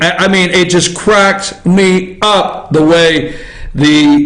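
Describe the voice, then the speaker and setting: A man's voice: high-pitched, slow, a bit bright, roomy sound, low-quality recording. A man hosting an opinionated news commentary show from an office, talking in a blunt, emphatic, ranting way and swearing freely. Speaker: political commentary show host.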